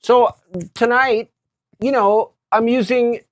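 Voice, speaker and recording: A man's voice: extremely high pitch, fairly even intonation, slow. A man co-hosting a casual podcast chat, playful and theatrical, talking into a lavalier mic. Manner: playful, theatrical, breaks into snatches of song. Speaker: co-host.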